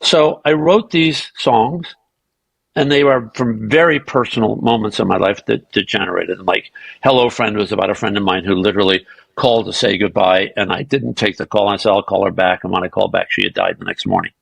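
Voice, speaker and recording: Male guest, gravel in the voice, slightly raspy; spins anecdotes, plays every part, swears freely. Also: fairly low pitch, fairly quick, no echo, low-quality recording. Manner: animated anecdotes, acting out quoted dialogue; profane and self-mocking. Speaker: podcast guest. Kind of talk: casual storytelling interview.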